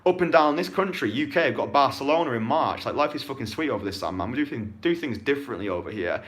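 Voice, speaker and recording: A man's voice: expressive, a bit bright. A man with a British accent, a dating coach ranting and answering questions in a vlog, swearing heavily and talking emphatically. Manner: profane, emphatic, fast-swinging pitch. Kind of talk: motivational rant and Q&A vlog.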